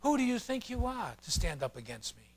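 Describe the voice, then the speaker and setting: A man's voice: high voice, sing-song, brisk, slightly rough, full character voice. A man preaching, voicing a male devil who sneers at and belittles a believer. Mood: sneering.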